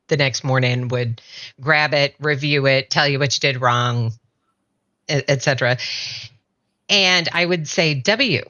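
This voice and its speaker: A woman's voice: low-pitched, pushed and bright, dry recording, highs cut off. A middle-aged woman hosting an interview, chatty and rambling as she asks her questions. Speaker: interview host. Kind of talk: conversational interview.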